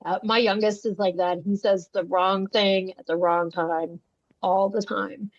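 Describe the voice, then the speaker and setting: A woman's voice: mid-range voice, unhurried, no echo. A woman co-hosting a casual podcast chat, a day home provider who tells stories and acts out the voices. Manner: animated storyteller, acts out voices. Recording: dull, dry lo-fi sound.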